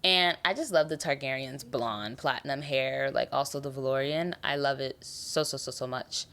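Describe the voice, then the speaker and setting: Woman, young, American accent, low voice, tired, rambling and animated, casual podcast chat. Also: moderate pace. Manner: rambling, animated, trails off and restarts. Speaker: podcast host.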